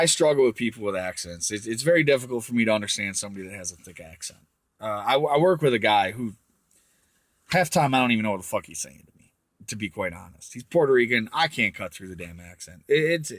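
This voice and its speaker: A man on a crude, swear-heavy rant, his pitch swinging up and down as he talks. The voice is fairly high for a man and sounds dry and close, with no room echo. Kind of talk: profane rant to camera.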